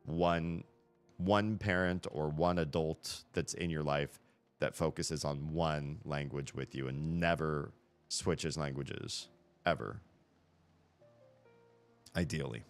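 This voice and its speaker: A man's voice: very deep voice, fairly even intonation, takes it slowly, long pauses, faint music behind. A man hosting a live stream, rambling through casual chat and correcting himself as he thinks aloud into a headset mic.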